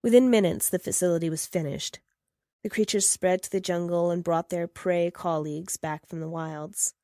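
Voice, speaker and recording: A woman narrating first-person fiction in a steady, measured reading. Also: fairly low pitch, dry recording, studio quality.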